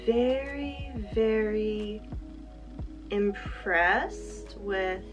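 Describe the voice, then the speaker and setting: A woman telling a lively story as a guest in a casual chat, acting out quotes with laughs. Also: medium pitch, drawn-out words, highs cut off, over music. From half American, half German. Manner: animated, acts out quotes, laughs often. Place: at home.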